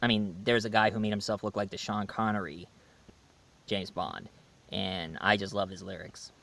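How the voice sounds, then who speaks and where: A man's voice: fairly low pitch, steady tone, normal speed, creaky, pushed and bright. A man from the United States chatting in a rambling way through a casual video review, laughing at his own jokes.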